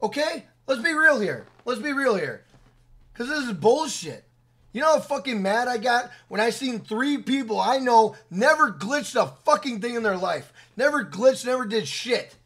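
A man's voice: very high-pitched, very animated, normal speed, bright, forceful tone, breathy edge. A man who makes gaming videos, ranting in a heated, profane, repetitive way straight to his viewers. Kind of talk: angry rant to camera.

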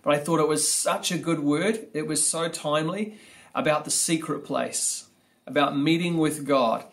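A man church leader giving casual announcements and introducing the preacher, halting with fillers. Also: on the high side, fairly bright tone.

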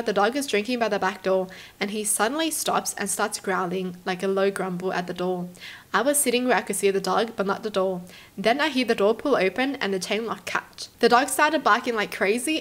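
A young woman from Australia, hosting and reading stories aloud, then reacting to them with animated exclamations. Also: mid-range voice. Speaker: host.

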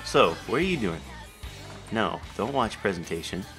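A man casually commenting while playing a life-simulation video game, talking to the characters and jumping up in pitch when surprised. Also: very animated, moderate pace, music in the background. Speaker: gameplay commentator. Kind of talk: casual let's play commentary.

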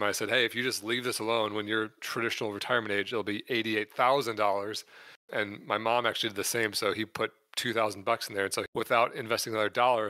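A man's voice: fairly low pitch, bright, forceful tone, no room sound. An American man from Michigan, in his thirties, speaking as a podcast guest in a friendly, earnest way. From Michigan, United States. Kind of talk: podcast interview.

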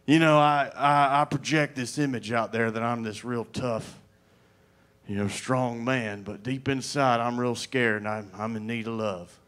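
A man voicing a drunk tough guy who quietly and earnestly confides his feelings. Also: medium pitch, fairly even intonation, a little slow, lightly acted. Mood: confiding.

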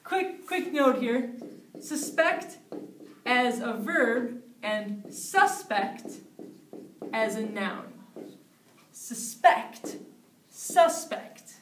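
Female language teacher, slow and patient, repeating examples, recorded from afar in a reverberant room. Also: fairly high pitch, lively intonation, noisy background. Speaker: English teacher. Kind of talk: explaining vocabulary. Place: English conversation class room. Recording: roomy sound from a distant mic.

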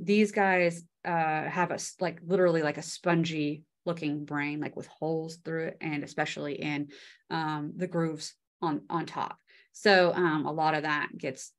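A woman giving a casual, chatty microbiology lecture, with many fillers and homely analogies. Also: lowish voice.

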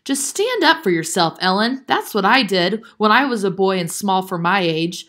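A woman's voice: mid-range voice, big pitch swings, moderate pace, a bit bright. A woman reading a storybook aloud, voicing a stubborn, teasing old grandfather in a raised, hearty voice.

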